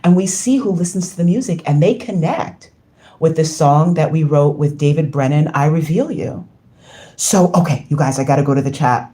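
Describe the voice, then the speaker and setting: A woman's voice: low voice, normal speed, dark tone. A woman from the United States hosting a casual livestream, effusive and rambling, with lots of ums as she reads the chat. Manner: effusive, rambling with many fillers. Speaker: livestream host.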